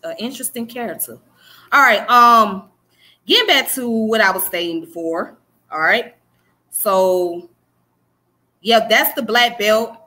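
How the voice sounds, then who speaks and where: A woman from the Southern US with a Southern accent leads a relaxed live-stream lesson. She talks quickly in a conversational way, with a bright, forward tone, and often checks in with "you know what I'm saying.". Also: mid-range voice. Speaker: livestream host teaching history.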